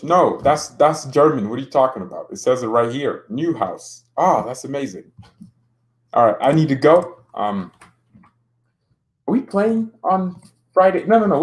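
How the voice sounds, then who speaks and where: A man hosting a football channel, wrapping up a video in a casual, rambling way, thinking aloud and complaining jokingly with sudden high exclamations.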